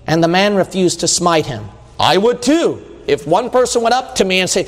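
A man preaching a sermon, animated and jokey, reading scripture and breaking into loud acted outbursts. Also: high voice, normal speed. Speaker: pastor. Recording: long reverb of a hall.

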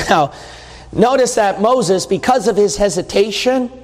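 A man's voice: high voice, animated, a little slow, long reverb tail. A man preaching a sermon, reading scripture aloud and asking his listeners questions in a conversational way.

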